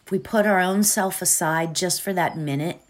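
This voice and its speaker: A woman's voice: lowish voice, normal speed. A woman giving an earnest, emotional talk before a guided meditation, often asking "right?".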